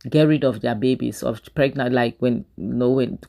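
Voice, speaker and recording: Nigerian man, casual drama recap, animated delivery, mid-pitched voice, stumbles and restarts often. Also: moderate pace, creaky. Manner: animated storytelling, acts out quotes, frequent restarts. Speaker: series reviewer.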